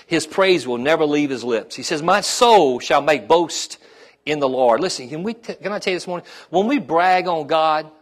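A male pastor preaching a sermon in a conversational way, repeating phrases and often asking the congregation "amen?", rising in pitch and volume as he stirs them up. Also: a little fast, hardly any pauses. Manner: rises in pitch and volume when stirring the congregation.

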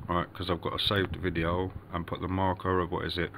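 A man's voice: low-pitched, monotone, fairly quick, creaky, fairly bright tone, a little hiss or hum. A man from the United Kingdom rambling in a vlog monologue, swearing constantly and muttering asides to himself.

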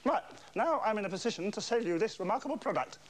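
A man's voice: high-pitched, animated, fast talker, slight background noise. A man playing a pompous, bumbling salesman in a slapstick children's comedy, with showy patter and chanted magic words. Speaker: comic visiting salesman.

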